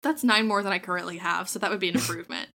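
Woman game master for a tabletop game, bright tone, quick jokes between rules calls. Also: fairly low pitch, vocal fry, slight background noise. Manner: quick joking asides, laughs often. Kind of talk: running a tabletop role-playing game.

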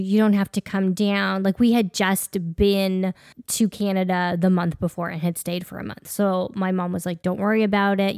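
A woman speaks in a level, flat-toned voice with a lot of vocal fry. She tells personal stories earnestly, like a co-host in casual conversation. The sound is dry and close to the mic. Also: mid-range voice, dry recording.

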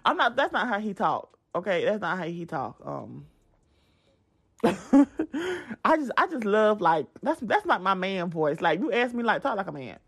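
A woman's voice: medium pitch, unhurried, breathy edge. A young adult woman hosting her own podcast, talking casually and animatedly straight to her listeners, often restarting her sentences. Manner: chatty and animated, addresses listeners directly, frequent restarts. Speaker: podcast host. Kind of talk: casual chat.

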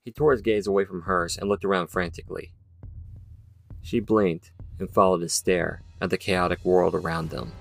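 A man giving a measured, dramatic scripted narration of a story. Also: low voice, fairly even intonation, gravelly. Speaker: audiobook narrator.

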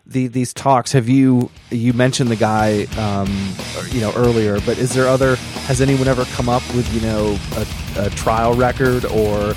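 A man's voice: medium pitch, fairly even intonation, unhurried. Casual male podcast host, music behind. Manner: rambling, self-correcting questions. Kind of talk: casual interview chat.

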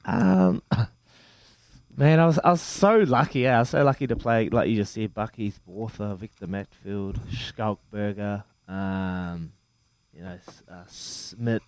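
A former rugby player in his thirties chats casually on a podcast in a fairly low, smooth, unhurried voice with no echo. He's an animated storyteller, full of repeats, friendly asides and plenty of "mate."

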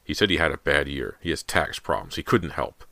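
A rattled middle-aged father who repeats himself under his breath and snaps, in a very deep, bright, dry voice, as the narrator plays him. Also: expressive, brisk, creaky, no echo, full character voice. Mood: agitated. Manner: repetitive muttering, snapping. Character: distraught middle-aged father, muttering and dazed.

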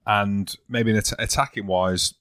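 A man's voice: on the low side, fairly even intonation, a little slow, a bit bright, no echo. A man co-hosting a rugby podcast in a studio, teasing his co-hosts in cheeky casual banter. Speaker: podcast co-host. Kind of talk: casual chat.

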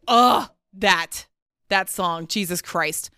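A woman's voice: on the low side, slow, clean tone, dry recording. A woman hosting a podcast, chatting frankly and expressively with plenty of swearing. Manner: blunt, expressive and profane. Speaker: podcast host. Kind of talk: frank casual chat.

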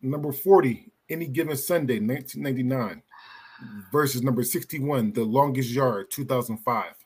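A man's voice: mid-range voice, moderate pace, breathy edge. A man hosting a casual podcast, reading out vote results and chatting easily between them. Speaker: podcast host.

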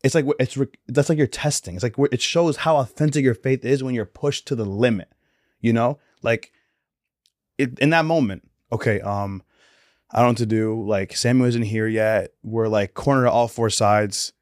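A man's voice: medium pitch, normal speed, dry recording, studio quality. A young man co-hosting a casual faith podcast, telling stories in a laid-back way with lots of slang and fillers. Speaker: podcast co-host.

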